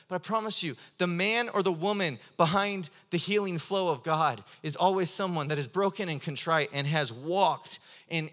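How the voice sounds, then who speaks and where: A young man preaching a sermon, telling stories with animated, fervent intensity. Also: high voice, moderate pace, few pauses, long reverb tail.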